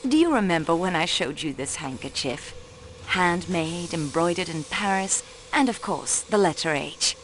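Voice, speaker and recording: This natural-sounding voice is on the low side, with lively intonation, a moderate pace and slight background noise. A young woman is doing voice acting for a mystery video game, where her character is a railway clerk acting as an amateur detective. That character is a sharp, cool, persistent young woman who probes for answers, poised throughout and slipping in French phrases.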